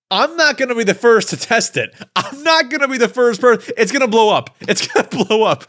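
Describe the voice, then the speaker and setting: A young male podcast host with a fairly high voice that leaps around a lot as he talks. He chats casually and excitably and often builds into fired-up, exasperated rants. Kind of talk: casual solo podcast ramble.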